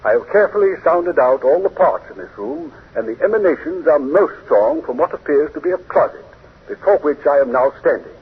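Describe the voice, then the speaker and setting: A formal, methodical male investigator reports in precise, measured phrases. His voice is husky and lively in pitch. The sound is tinny, like an old radio broadcast. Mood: hurried. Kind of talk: 1940s radio drama acting.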